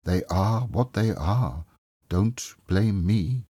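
A man's voice: on the low side, takes it slowly, dark tone, slightly rough, no room sound, clean studio sound. A man voicing a relentless unmoved ghost.

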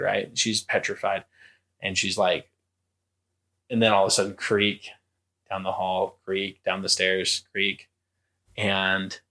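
Young man, low-ish voice, casual podcast storytelling, acts out voices. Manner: animated, acts out quoted voices and creaks. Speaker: podcast co-host.

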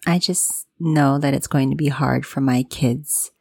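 A woman in her thirties speaks in a very low, gravelly voice, taking her time in a candid, confessional way. Soft fillers and restarts run through her reflective monologue, recorded close and dry. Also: steady tone, unhurried, no room sound.

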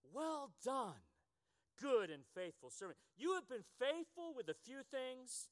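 A man in his fifties reading the part of a stern master of servants, with dramatic swings in pitch. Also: very animated, slow pace, long reverb tail, full character voice. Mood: approving.

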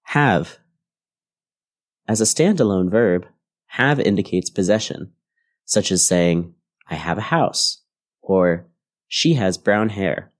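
A man with a low, deep voice teaches English grammar on a podcast. He reads his scripted lesson in a clear, measured way. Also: animated. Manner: clear, measured explanatory delivery.

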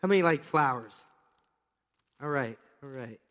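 A man in his thirties preaching a casual, animated sermon and putting questions to his congregation. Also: medium pitch, measured pace, big-room sound. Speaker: pastor.

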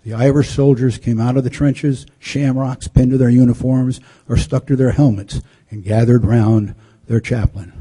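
Dark, husky man narrating solemnly. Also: medium pitch, fairly even intonation. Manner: measured, solemn delivery with occasional slips. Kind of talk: historical storytelling reading.

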